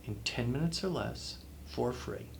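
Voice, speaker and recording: This guest author speaks unhurriedly in an interview, his mid-range voice creaky but lively in intonation. He answers with emphatic motivational advice and repeated phrases, against slight background noise.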